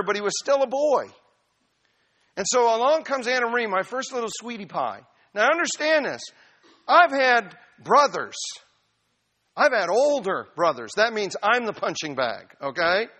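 A man's voice: high-pitched, sharp tone. A middle-aged pastor preaching a sermon to his congregation in a conversational, emphatic way, mixing in personal stories. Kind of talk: expository sermon.

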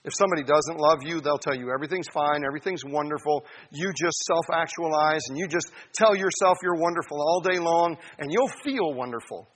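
Bright-voiced animated preacher man. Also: a little high, fairly quick, few pauses. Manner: animated, acts out voices, addresses listeners as saints. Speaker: pastor. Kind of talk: sermon.

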